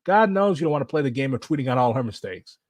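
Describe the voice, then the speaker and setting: A man's voice: medium pitch, fast talker, no echo, studio quality. A man giving casual, blunt political commentary while reacting to clips, swearing and saying "like" a lot. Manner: blunt, animated, swears, fillers like "like".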